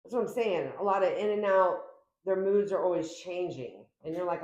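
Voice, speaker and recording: A woman's voice: lively intonation, moderate pace, a little mellow. Chatty woman giving a tarot reading. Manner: chatty, emphatic, acts out quoted lines with big pitch jumps. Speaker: tarot reader. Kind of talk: casual tarot reading to camera. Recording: echoey room.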